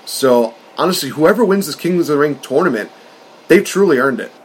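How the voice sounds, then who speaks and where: Excitable man ranting as a wrestling fan. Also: a little high, breathy edge. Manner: excitable, fast-talking fan rants. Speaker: wrestling podcast co-host. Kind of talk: casual podcast chat.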